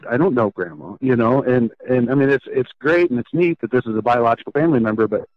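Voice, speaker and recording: A man earnestly telling his own life story as a podcast guest, halting and restarting as he goes. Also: medium pitch, no echo. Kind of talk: personal storytelling in an interview. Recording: slightly muffled, dull lo-fi sound.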